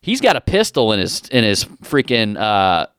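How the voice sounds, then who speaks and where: Man, casual podcast storytelling, animated, acts out voices, smooth resonant voice, dry close sound. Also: lowish voice, moderate pace, no echo. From Ohio, USA. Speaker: podcast host.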